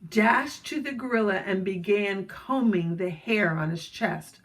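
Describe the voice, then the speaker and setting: A woman reading a children's chapter book aloud, gentle and storytelling, with asides to young listeners. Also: mid-range voice, measured pace, rough recording.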